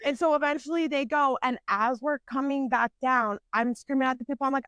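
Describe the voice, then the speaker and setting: Podcast co-host, woman in her twenties, high voice, dry close mic, animated and foul-mouthed. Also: brisk, few pauses, dry recording. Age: 20s. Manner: swears constantly, animated storytelling. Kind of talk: casual chat.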